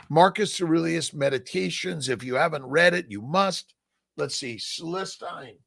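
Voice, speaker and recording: An older man with a fairly high, gravelly voice, answering viewer comments on a casual live stream. He talks in an upbeat, encouraging, folksy way, often asking "right?". The sound is close and dry. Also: dry recording. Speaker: host answering viewer questions.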